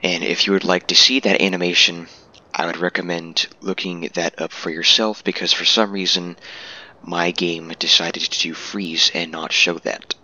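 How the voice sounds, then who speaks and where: A man's voice: low-pitched, level tone, moderate pace, bright, forceful tone. A man giving casual, laid-back commentary over a game walkthrough, amused at himself at times, on a dull lo-fi mic.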